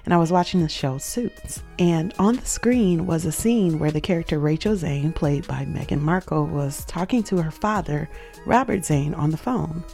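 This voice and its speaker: A woman's voice: low-pitched, normal speed, vocal fry, darkish tone, faint music behind. A woman hosting a show, earnestly telling a personal faith story, reflective and emotional at its peaks.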